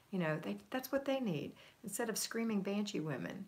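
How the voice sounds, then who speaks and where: A woman's voice: lowish voice, fairly quick, few pauses, a little mellow. A middle-aged woman hosting a homemaking livestream, reading viewer comments aloud and answering them with encouragement.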